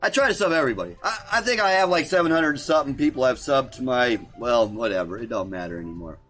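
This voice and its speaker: A man's voice: medium pitch, expressive, fast, a bit bright, soft background music. A man hosting a casual livestream, rambling, repeating himself and trailing off as he talks. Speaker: livestream host.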